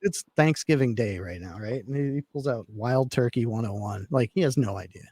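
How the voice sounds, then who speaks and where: Husky-voiced man telling a long story. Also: medium pitch, a little fast, darkish tone, no echo, clean studio sound. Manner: rambling, filler-heavy, laid-back. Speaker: podcast guest telling a story. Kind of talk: casual storytelling.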